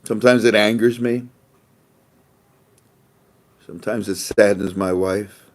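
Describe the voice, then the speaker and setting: A man's voice: fairly low pitch, steady tone, measured pace. A man hosting a casual monologue, rambling and repeating his phrases, with frequent laughter. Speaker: host.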